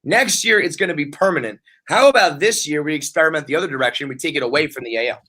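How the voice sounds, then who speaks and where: A man's voice: on the high side, fast, sharp tone. A man hosting a podcast, chatting casually and riffing animatedly, with plenty of swearing. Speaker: podcast host. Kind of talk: casual sports chat.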